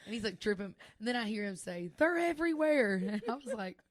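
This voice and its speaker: A young woman with a mid-range voice talks quickly, recorded at studio quality with no echo. She co-hosts a podcast, full of laughter as she tells stories animatedly during casual chat.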